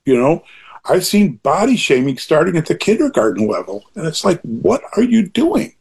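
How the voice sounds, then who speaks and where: A man's voice: high-pitched, very animated, normal speed, gravelly, darkish tone, husky. An older man talking in a casual interview, rambling through asides and restarts while making emphatic, opinionated points. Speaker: interview guest.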